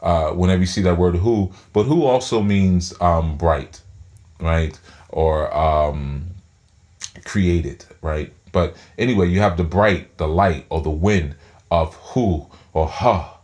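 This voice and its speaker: A man's voice: sits low, slow, a little mellow. A man giving a spiritual teaching talk, speaking through his teeth and often repeating words as he thinks aloud.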